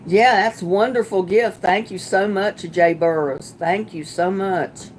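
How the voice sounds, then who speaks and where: A chatty woman hosting a livestream, answering viewers as she reads their comments aloud. Her pitch sits in an ordinary middle range, and she laughs often and sounds sympathetic. A faint ambient hiss runs under her voice. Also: measured pace. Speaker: livestream host. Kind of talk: casual livestream chat reading viewer comments.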